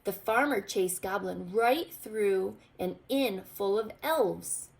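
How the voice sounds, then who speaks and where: A woman teacher reading a storybook aloud to young children, expressive and pointing out pictures. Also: mid-range voice, creaky. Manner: expressive, slow, asks children to look. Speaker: pre-K teacher.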